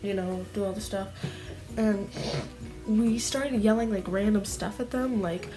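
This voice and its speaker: A woman's voice: medium pitch, a little slow, dark tone, faint music behind. A woman telling a story casually in a vlog, rambling and full of "like" fillers, restless as she talks. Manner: rambling, heavy use of "like" fillers; restless, fidgety while telling. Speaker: vlogger.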